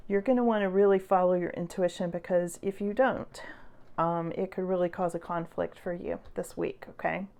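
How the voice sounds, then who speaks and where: A woman giving a casual tarot reading to her viewers, chatty and encouraging, with many fillers and soft laughs. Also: lowish voice, smooth. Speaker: tarot reader.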